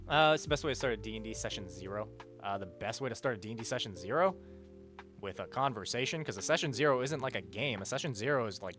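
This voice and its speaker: Animated, rambling male streamer. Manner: rambling, swears a lot, animated swings in pitch and loudness. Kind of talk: casual livestream chat reading donations. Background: faint music.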